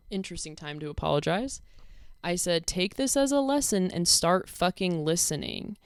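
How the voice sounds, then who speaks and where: Sarcastic woman, low smooth dry voice. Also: lively intonation, measured pace, pauses often, no room sound. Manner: exasperated, sarcastic. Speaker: commentary creator. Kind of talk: casual commentary reading messages.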